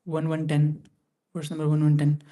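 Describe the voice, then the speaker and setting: A man's voice: fairly high pitch, monotone, normal speed, mellow. A man giving a scripture class in a temple, talking conversationally and often restarting and repeating phrases. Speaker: class speaker.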